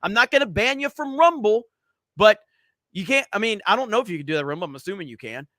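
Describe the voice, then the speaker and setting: A man's voice: high voice, lively intonation, quick pace, fairly bright tone, dry recording. Profane, fired-up man ranting on stream. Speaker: streamer host. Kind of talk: livestream rant reading chat.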